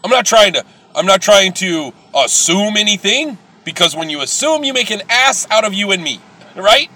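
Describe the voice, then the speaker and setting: Middle aged guy ranting on a livestream, bright sharp voice, kinda raspy, swears, preachy. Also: high voice, expressive, normal speed. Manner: blunt, profane and preachy, swinging from loud to soft. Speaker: livestream host. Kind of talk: ranting live video talk to viewers.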